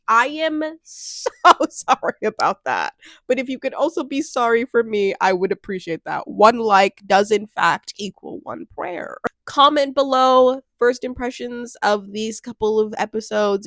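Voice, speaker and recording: A young woman chatting casually at home on her couch as she recaps a reality show, animated and laughing often. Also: medium pitch, no room sound, clean studio sound. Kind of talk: casual chat.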